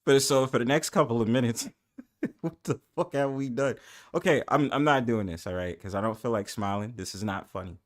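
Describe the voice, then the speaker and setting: A man with a New York accent hosting a casual livestream panel, laughing often and cursing freely, swinging between loud bursts and low mumbles. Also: fairly quick.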